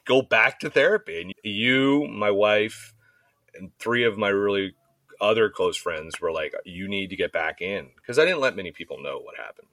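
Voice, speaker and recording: A man with a very low voice but a bright, forceful edge tells frank, swearing stories in a casual chat, slipping into the voices of the people he quotes. The sound is close and dry, with no room around it. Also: animated, moderate pace, dry recording. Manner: candid, swearing storyteller who acts out quoted voices.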